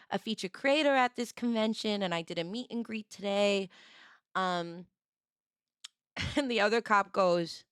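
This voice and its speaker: A young woman streamer telling a story in a casual, animated way, laughing and acting out the people she quotes. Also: mid-range voice, clean tone, dry recording, clean studio sound.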